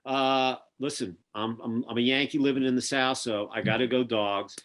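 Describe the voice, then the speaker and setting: Speaking from home near Atlanta, this Philadelphia-accented man hosts a podcast interview over video call, rambling and chatty with fillers aplenty. His medium-pitched voice is steady and a bit bright, moving at a normal speed.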